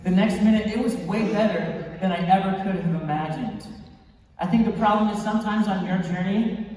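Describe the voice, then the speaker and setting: A young man delivers a motivational speech as a lively, playful story and laughs often. His voice sits a little high. He sounds distant, in a big hall with a long echo. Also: a little hiss or hum. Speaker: motivational speaker. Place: large convention hall. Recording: echoey hall from far off.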